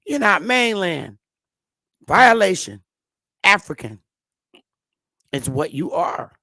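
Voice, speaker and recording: A woman's voice: low voice, a bit bright, no room sound, clean studio sound. A woman host delivering an impassioned commentary monologue, blunt and emphatic, with frequent profanity.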